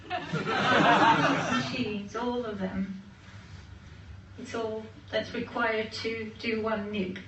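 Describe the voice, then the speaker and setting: A woman's voice: on the high side, fairly even intonation, very slow, long pauses. A woman presenting a museum visit in casual tour chat, asking curious follow-up questions. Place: museum indoors. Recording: echoey room from far off, background noise.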